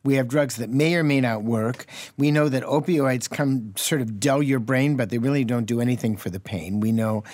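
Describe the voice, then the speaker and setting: A man's voice: mid-range voice, normal speed, hardly any pauses, darkish tone, no room sound. A man, a family doctor co-hosting a radio health show, talking in a chatty, joking, reassuring way. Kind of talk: casual radio health talk. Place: radio studio. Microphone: studio mic.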